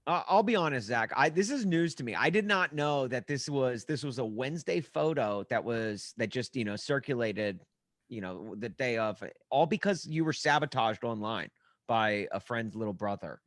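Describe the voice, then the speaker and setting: An excitable male co-host with a lively, bouncing voice jokes and hypes up his guest. The sound is close and dry. He talks quickly in bursts of enthusiasm. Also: mid-range voice, no room sound. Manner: excitable, jokey, hyping. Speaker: podcast co-host. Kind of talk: casual chat.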